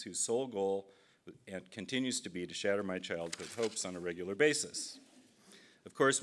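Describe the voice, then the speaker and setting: Middle-aged male speaker from Minnesota, low voice, deadpan self-mocking keynote storyteller. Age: 50s. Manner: dry storytelling with self-deprecating asides. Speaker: political cartoonist giving a keynote speech. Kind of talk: humorous keynote speech.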